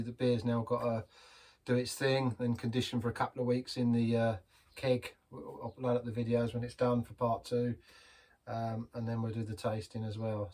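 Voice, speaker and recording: A man's voice: medium pitch, darkish tone. A man hosting a casual beer review vlog, talking in a rambling, chatty way full of asides and restarts.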